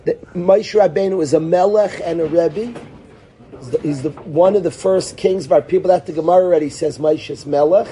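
Male rabbi giving a Torah class, warm and higher-pitched, acting out questions and answers as he thinks aloud. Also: normal speed. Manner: sprinkles Hebrew and Yiddish terms. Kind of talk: Torah lesson.

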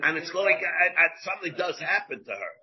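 Man, rabbi, Talmud class lecture, high-pitched, husky, repeats phrases, dull lo-fi recording. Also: expressive, a little fast. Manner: rhetorical questions, repeats phrases, mixes in Hebrew terms.

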